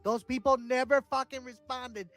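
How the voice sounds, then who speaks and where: A man's voice: very high voice, steady tone, normal speed, a bit bright, soft background music. A man co-hosting a live stream, talking loosely and rambling, with swearing. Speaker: co-host. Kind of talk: casual chat on a live stream.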